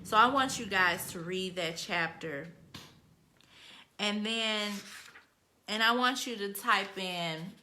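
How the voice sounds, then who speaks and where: A woman's voice: medium pitch, takes it slowly, pauses often, sharp tone, a little hiss or hum. A woman author and motivational speaker giving an inspirational self-help talk, emphatic and repetitive, with casual conversational phrasing that swells into passionate peaks.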